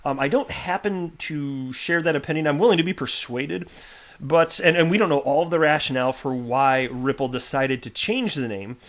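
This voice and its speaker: A man hosting a casual commentary video, chatty and animated with lots of fillers and restarts. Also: on the high side, normal speed. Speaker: crypto video host. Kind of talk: casual commentary reading tweets.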